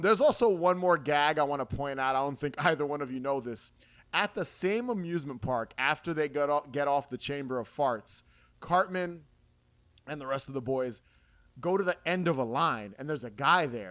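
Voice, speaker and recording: Laughing, animated man podcast host. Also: on the high side, normal speed. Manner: laughs often while retelling scenes, animated. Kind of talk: casual podcast chat.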